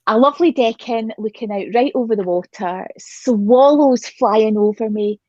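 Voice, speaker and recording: A woman's voice: a little high, moderate pace, warm tone, dry recording. A woman with a Scottish accent hosting a talk show, chatting casually and laughing often, recorded on her phone in a small pod. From Scotland. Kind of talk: casual chat. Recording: dull lo-fi phone audio.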